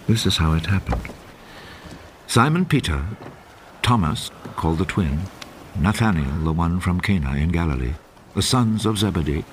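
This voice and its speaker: A very deep male voice reads the passage in a measured, storytelling way. His pitch rises and falls a great deal. Faint sounds of water and a boat hang under the narration. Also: slight background noise. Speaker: scripture reader in a video. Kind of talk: scripted Bible narration.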